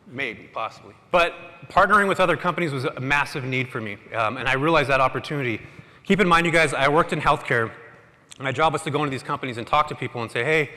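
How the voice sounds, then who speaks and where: A man giving an energetic, casual motivational talk to a live audience in a large hall, often quizzing the crowd. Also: medium pitch. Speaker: conference speaker. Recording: echoey hall with long reverb.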